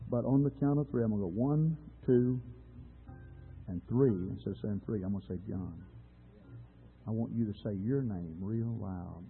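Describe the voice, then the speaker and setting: A man's voice: lowish voice, normal speed, gravelly. Sex: man. Role: preacher. Style: earnest sermon. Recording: tinny, phone-like, faint music behind.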